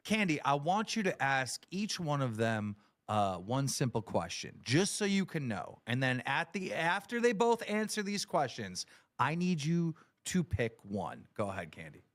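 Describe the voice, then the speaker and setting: A man's voice: medium pitch, very animated, a little slow, a bit bright, dry recording. A man hosting a livestream game, animatedly directing the players. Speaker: livestream host.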